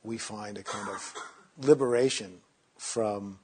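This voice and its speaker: A man teaching meditation in a relaxed, conversational way, sometimes acting out inner voices in a mocking tone. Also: fairly low pitch, slow, slight background noise.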